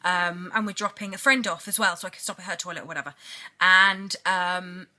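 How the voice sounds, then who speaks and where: A woman's voice: fairly low pitch, fairly even intonation, brisk, sharp tone. A young British woman chatting in a giggly, rambling video diary. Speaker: vlogger.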